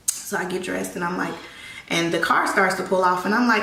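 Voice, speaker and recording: A young woman speaks in a personal vlog, her voice gravelly and fry-laden. She talks haltingly and emotionally, stumbling and restarting as she holds back tears. The sound is roomy and a little distant from the mic. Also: mid-range voice, a bit bright, slight background noise. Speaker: vlogger. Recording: echoey room, voice a bit off-mic.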